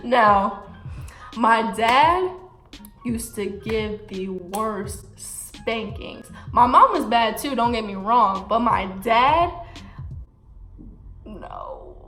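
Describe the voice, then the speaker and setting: A young woman tells a story in a raised, lively voice full of slang, acting out the other people's lines. Her voice rings in an echoey room while faint music plays underneath. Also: on the high side, drawn-out words, long pauses. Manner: animated, slangy, acts out quoted voices. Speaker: vlogger. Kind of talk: casual storytime.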